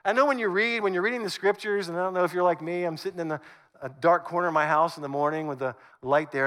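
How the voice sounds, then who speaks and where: Animated high-voiced pastor preaching. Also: male voice, quick pace. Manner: animated, conversational, acts out scripture. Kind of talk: sermon.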